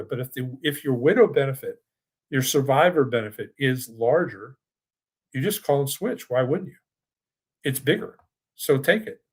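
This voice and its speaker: A man's voice: mid-range voice, slightly rough. An older man, a financial advisor, hosting a webinar in a chatty, rambling style and answering audience questions. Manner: chatty, with frequent restarts and asides. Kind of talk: casual presentation with live Q&A.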